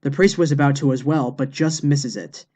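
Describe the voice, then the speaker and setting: A man's voice: mid-range voice, normal speed, mellow. A man narrating a series of scripted jokes in a matter-of-fact reading voice. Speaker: joke narrator.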